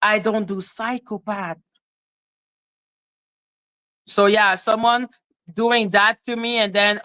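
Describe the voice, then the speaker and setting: A woman's voice: mid-range voice, steady tone, moderate pace, bright, forceful tone, dry recording. A woman ranting on a livestream, heated and profane, who often repeats herself. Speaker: live streamer. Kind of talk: angry livestream rant.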